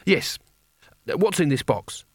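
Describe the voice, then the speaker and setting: A man's voice: fairly high pitch, expressive, takes it slowly, no room sound, clean studio sound, pitched above the performer's own voice. A man voicing a timid, put-upon male wizard who protests feebly in a storybook reading. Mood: desperate.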